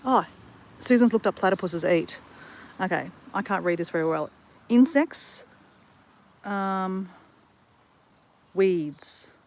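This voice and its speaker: A woman's voice: mid-range voice, animated, takes it slowly, long pauses, darkish tone. A woman live-streaming outdoors in the bush, rambling through stories and talking straight to her chat. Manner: chatty, rambling storyteller talking straight to viewers. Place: outdoors in the bush beside water.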